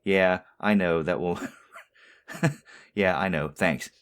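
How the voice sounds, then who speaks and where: A man's voice: deep voice, slow, a bit bright, clear, resonant tone. A man hosting a casual podcast, easygoing and full of fillers. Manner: easygoing, with many "uh" fillers and chuckles. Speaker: podcast host.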